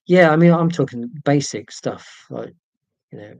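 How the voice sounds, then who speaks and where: A man's voice: on the high side, animated, normal speed, vocal fry, dry recording. A man hosting a casual livestream from home, reading viewer comments in a chatty, rambling, self-deprecating way. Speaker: YouTube channel host.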